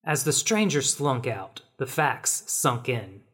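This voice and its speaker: A man as a husky, wry noir detective. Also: mid-range voice, takes it slowly, full character voice. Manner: wry, deadpan, sardonic. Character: wisecracking hard-boiled male detective. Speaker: narrator and detective lead. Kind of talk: noir comedy narration.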